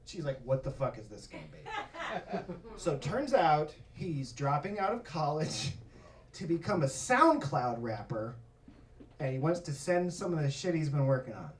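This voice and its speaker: A man's voice: on the high side, animated, a little slow. A man doing stand-up, telling a long story in a profane, self-mocking way on a comedy club stage. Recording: roomy live club from a distance. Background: audience laughter.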